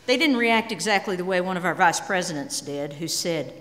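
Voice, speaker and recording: A middle-aged woman giving a candid, emotional personal talk on stage, swinging between quiet and emphatic. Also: fairly low pitch, animated, fairly quick, hardly any pauses, a little hiss or hum. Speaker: speaker. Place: large hall. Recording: long hall reverb.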